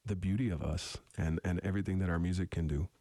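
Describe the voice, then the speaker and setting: A young adult man from eastern Canada with a deep radio voice, talking reflectively as a musician guest in an interview, halting and restarting often. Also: steady tone, warm tone, no echo. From Wolastoqey territory, eastern Canada. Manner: thoughtful, halting, many restarts.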